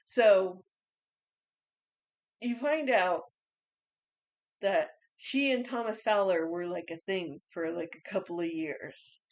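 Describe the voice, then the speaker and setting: A woman's voice: lowish voice, slow pace, pauses often. A woman co-hosting a podcast, recapping a film plot in a laid-back way and echoing her co-host's lines. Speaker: podcast co-host. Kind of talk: casual movie discussion.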